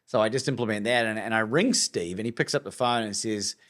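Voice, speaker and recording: A man with an Australian accent, a coach telling a story on a podcast in an animated way and acting out the dialogue. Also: on the low side, brisk. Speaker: guest, coach and speaker.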